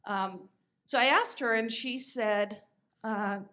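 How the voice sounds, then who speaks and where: A woman's voice: fairly high pitch, slow, bright, forceful tone. A woman in her fifties, a podcast host telling stories in a chatty way, with fillers and restarts. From United States. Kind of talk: conversational storytelling.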